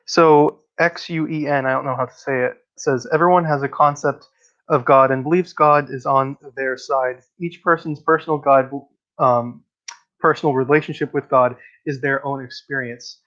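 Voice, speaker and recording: A man's voice: mid-range voice, steady tone, normal speed, a bit bright, lo-fi sound. A man hosting a casual livestream discussion, speaking bluntly and with strong opinions as he reads out comments from the chat. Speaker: livestream host.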